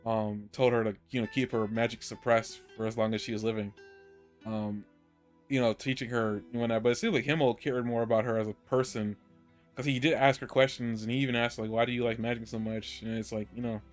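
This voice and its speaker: A man's voice: mid-range voice, fairly even intonation, fairly quick, faint music behind. A man co-hosting a podcast, talking through an anime episode in a rambling way, full of restarts and easy laughter. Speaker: podcast co-host. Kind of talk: casual anime review chat.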